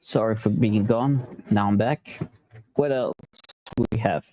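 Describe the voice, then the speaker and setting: A man's voice: fairly low pitch, takes it slowly, mellow, no room sound. Man, host, casual reaction commentary, sarcastic, dry close sound. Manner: sarcastic, loose and conversational.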